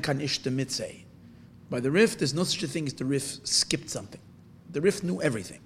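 A man teaching a Torah lesson through a story. He talks in a halting way with frequent restarts, and he asks questions and then answers them himself. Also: medium pitch, gravelly, a little hiss or hum.

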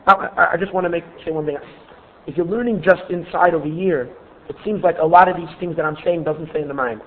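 A man teaching a Torah class in an earnest, expressive way, often repeating words as he restarts. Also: on the high side, fast talker, a little hiss or hum. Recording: tinny phone-like recording.

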